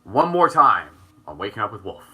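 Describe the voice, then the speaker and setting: A man leading a guided chakra meditation as host, gentle and jokey, with playful dad-joke asides. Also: on the low side, big pitch swings, normal speed, slightly rough.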